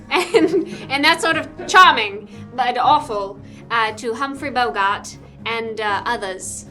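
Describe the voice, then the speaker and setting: A woman's voice: sits high, unhurried, bright, forceful tone, soft background music. A woman doing a vain 1940s starlet. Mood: haughty. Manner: theatrical old-timey drawl, dramatic. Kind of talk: improvised comedy role-play.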